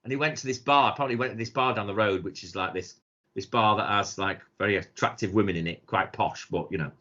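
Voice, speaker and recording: A man's voice: on the low side, fast, sharp tone. A man, co-hosting a podcast in casual chat, telling stories full of swearing and putting on the voices of the people he quotes. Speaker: podcast co-host. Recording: dull lo-fi sound.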